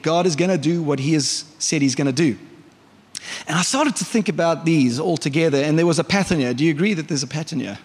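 Husky-voiced male pastor in reverberant hall. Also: on the high side, quick pace. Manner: conversational, asks the congregation questions. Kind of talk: sermon. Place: church.

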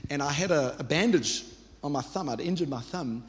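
A pastor in his thirties preaches in a warm, conversational way, doubling back on words as he builds each point. His voice sits a touch high for a man. It carries a long reverb, as if from a church hall. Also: expressive, a little fast. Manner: earnest, conversational preaching with repetitions and asides. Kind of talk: sermon.

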